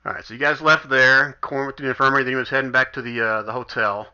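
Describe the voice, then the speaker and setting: A chatty man narrating as game master in an online tabletop game, laughing often between scenes. His voice is bright and sharp at the top end, and the recording is dull and lo-fi. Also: medium pitch, flat delivery, fast talker, clear, resonant tone.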